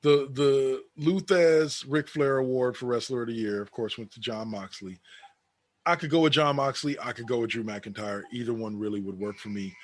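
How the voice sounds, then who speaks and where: A male co-host of a casual wrestling podcast reads an awards list aloud, adding sarcastic asides. His voice is medium-pitched and moderately paced.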